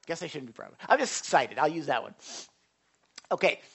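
A man preaching a conversational sermon. He uses a folksy style, checks in with his listeners, and swings between loud bursts and quiet asides. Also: a little high, very animated, a little fast, gravelly, husky. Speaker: pastor.

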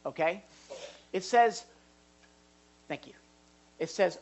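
Pastor, live sermon in a church hall, animated and excitable, chatty asides. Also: mid-range voice, moderate pace. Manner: animated, gets excited and louder; jokey asides to the congregation.

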